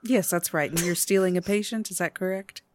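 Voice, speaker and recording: A woman's voice: lowish voice, a little fast, a little hiss or hum, natural voice. Woman playing a stern young male nurse. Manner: firm, questioning.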